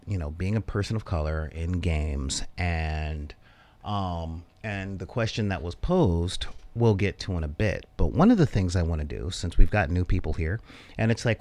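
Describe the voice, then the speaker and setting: A man's voice: low voice, darkish tone, no room sound. A man hosting a casual livestream gaming talk show, chatty and joking, with lots of fillers. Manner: chatty, jokey, rambling with many fillers. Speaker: podcast host.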